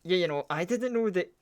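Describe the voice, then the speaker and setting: Rambling, hesitant male stream host. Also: high-pitched. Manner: rambling and hesitant, with frequent restarts and chuckles. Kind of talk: casual livestream chat.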